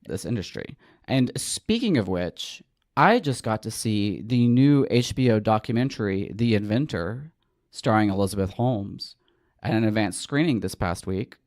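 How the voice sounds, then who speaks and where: A man's voice: on the low side, sing-song, moderate pace, darkish tone, no echo, studio quality. A man hosting a podcast, chatting casually and telling stories with a wry edge. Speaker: podcast host.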